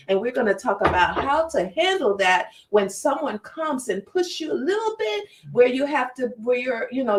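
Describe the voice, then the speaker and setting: A woman from Jamaica hosting a casual podcast chat, talkative and quick to laugh. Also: on the high side, fairly bright tone, recorded from a distance. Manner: chatty, laughs often. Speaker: podcast host.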